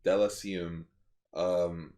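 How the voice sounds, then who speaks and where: A man co-hosting a podcast in casual chat, relaxed, explaining plot points with hesitant restarts. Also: deep voice, drawn-out words. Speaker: podcast co-host.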